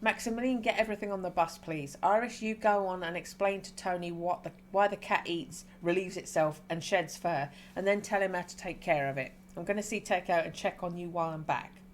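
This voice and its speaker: A woman streamer reading a game's dialogue aloud and reacting with excited squeals between calmer reading. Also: on the low side, brisk, hardly any pauses, a little hiss or hum.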